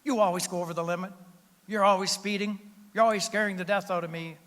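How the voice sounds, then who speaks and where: Brief: nagging wife, exasperated and loud, done by a man telling a joke. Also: mid-range voice, sing-song, normal speed, vocal fry, husky, exaggerated voice. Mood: scolding. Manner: scolding, exasperated. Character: shrill nagging middle-aged wife. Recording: long reverb of a large hall.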